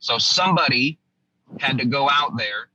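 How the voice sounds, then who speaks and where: Veteran storyteller, man, very bright tense tone, slightly dull audio. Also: medium pitch, lively intonation, normal speed, slight background noise. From United States. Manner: vivid storytelling, acting out quoted lines. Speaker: guest, former army sergeant. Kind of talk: recounting a combat story in a podcast interview.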